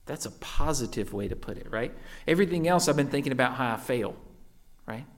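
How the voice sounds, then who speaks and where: A man preaching a sermon, casual and conversational, often checking in with his listeners with "right?". His voice sits at an ordinary middle pitch. He swings from lively, louder emphasis down to soft, hushed asides. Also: brisk. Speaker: pastor.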